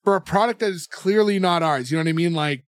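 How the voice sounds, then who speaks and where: A man's voice: high voice, fast, no echo, studio quality. A man co-hosting a podcast, recapping a show in rambling casual chat with lots of fillers and restarts. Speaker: podcast co-host.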